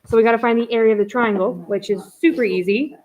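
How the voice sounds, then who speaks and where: A woman's voice: on the high side, quick pace, darkish tone, a little hiss or hum, poor audio. A woman math teacher running a live online review, talking through each step in a chatty way. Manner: chatty, walks through steps aloud.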